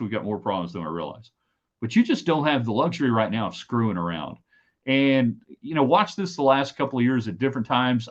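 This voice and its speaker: Middle-aged man hosting a home stream, emphatic and rambling, average pitch, muffled lo-fi audio. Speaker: host. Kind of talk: casual live-stream chat. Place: home office.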